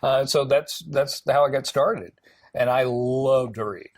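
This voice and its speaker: A man's voice: medium pitch, unhurried, no room sound. A man from Alabama, a TV host, chatting as an interview guest and telling rambling, anecdotal stories full of fillers. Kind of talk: casual interview chat.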